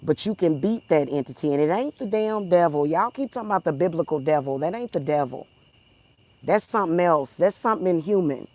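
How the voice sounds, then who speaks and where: A woman, hosting her spiritual channel. She rants to viewers bluntly and profanely, swinging from soft talk to loud outbursts. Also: fairly low pitch, lively intonation, brisk. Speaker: spiritual reader, channel host. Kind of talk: heated monologue to viewers.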